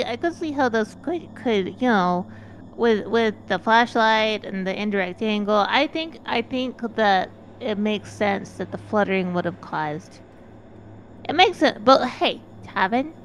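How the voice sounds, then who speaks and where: A woman playing in a tabletop role-playing game, talking haltingly with repeated words. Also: mid-range voice, animated, slight background noise, rough recording. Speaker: player. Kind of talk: speaking in character at a tabletop game.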